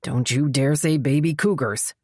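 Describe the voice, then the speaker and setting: A woman voicing a gruff, grim male sheriff who speaks low and hushed. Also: moderate pace, dry recording, clean studio sound.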